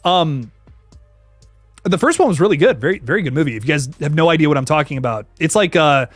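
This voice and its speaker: Animated young man hosting a horror stream. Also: a little high, fast talker, no room sound, soft background music. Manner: animated, slangy, hypes and thanks viewers by name. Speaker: horror channel host reading live chat. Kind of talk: casual livestream chat.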